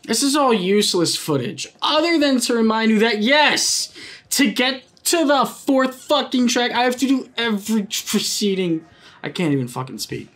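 A young man giving excitable, profane live commentary while racing in a kart game, often yelling at it. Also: extremely high pitch, normal speed, soft background music. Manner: excitable, swears a lot, yells at the game. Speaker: gaming YouTuber.

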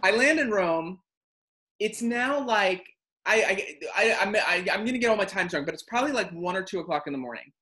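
Animated man telling a travel story. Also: high voice, fairly quick. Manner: animated, acts out quotes and voices. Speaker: host. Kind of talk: casual storytelling chat.

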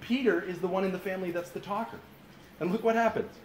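A man in his thirties preaching a sermon at a camp, telling stories in an animated way and often restarting his sentences. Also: high voice, fast talker. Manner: animated storytelling with frequent restarts. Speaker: pastor. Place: camp meeting room. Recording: roomy echo with faint hiss.

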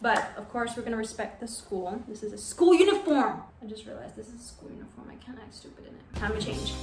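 A woman's voice: on the high side, reverberant. A woman in her twenties with a Hong Kong accent, chatting playfully as a vlogger and switching between English and Cantonese. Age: 20s. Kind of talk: casual vlog talk.

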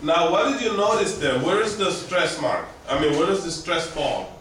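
A man's voice: a little high, animated, normal speed, far from the mic. A man teaching a language class, patiently drilling words aloud and quizzing his students. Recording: echoey classroom recorded from afar, background noise.

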